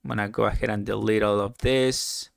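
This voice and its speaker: A man hosting a casual live stream, chatting excitedly, laughing often and answering viewer comments. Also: lowish voice, brisk, creaky, dry recording, clean studio sound.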